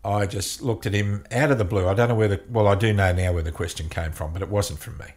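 A man, a couples counselor, telling a long story in an interview, often halting and repeating words. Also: lowish voice, darkish tone.

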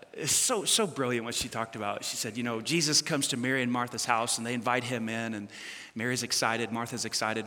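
Bright-voiced male pastor preaching playfully. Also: medium pitch. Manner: conversational, playful preaching with asides and self-correction. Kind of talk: sermon. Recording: long reverb of a large hall.

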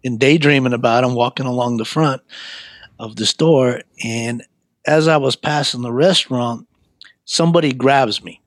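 A man, an interview guest, telling a personal story in a casual, laid-back, animated way. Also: mid-range voice, normal speed, dry recording.

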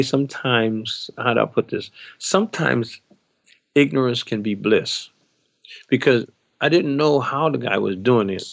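Man in his 60s, a drummer, animated storyteller; gravelly voice, dry close recording. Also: medium pitch, no echo. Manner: animated, acts out quoted voices. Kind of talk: anecdotal storytelling.

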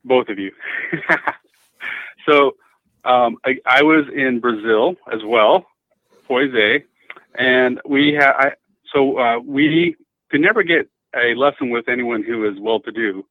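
A man's voice: medium pitch, slow pace, pauses often, no echo. A man calling into a show, starting a story in a hesitant way with many restarts. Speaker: caller. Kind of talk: telling a personal story. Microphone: phone. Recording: tinny phone line.

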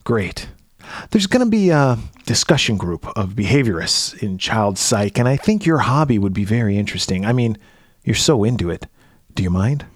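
A man voicing a creepy middle-aged uncle who questions a boy in a soft, prying, overly friendly way, read aloud as a film scene. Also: fairly low pitch, sing-song, normal speed, dry recording. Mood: probing.

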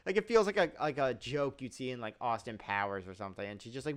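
A man's voice: medium pitch, quick pace, few pauses, slight background noise. A man rambling casually about a TV series, leaning heavily on "like" and laughing at its plot holes.

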